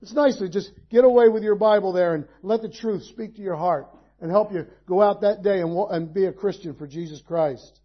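A man's voice: sits high, muffled recording. A male pastor preaching a sermon, in a conversational style with folksy asides and rhetorical questions.

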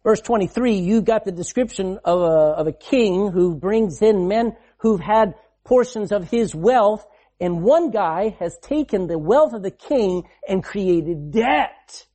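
A man preaching a sermon, repeating phrases for emphasis and swinging between loud and hushed delivery. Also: sits high, animated, slow pace.

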